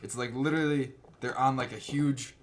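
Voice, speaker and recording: A man casually recapping films for a co-host, rambling and slipping into quick silly voices for the characters. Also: mid-range voice, steady tone, slight background noise. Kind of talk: casual chat recapping movies.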